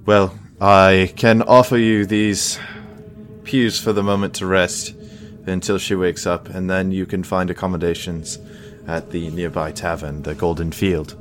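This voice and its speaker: A man voicing a polite, formal village priest in a measured, unhurried way. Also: sits low, level tone, faint music behind. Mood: courteous.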